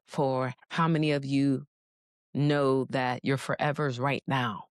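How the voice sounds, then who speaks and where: Low-voiced woman preaching. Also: flat delivery, measured pace, no echo, studio quality. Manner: preachy, with casual slangy asides. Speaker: faith speaker. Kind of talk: motivational sermon.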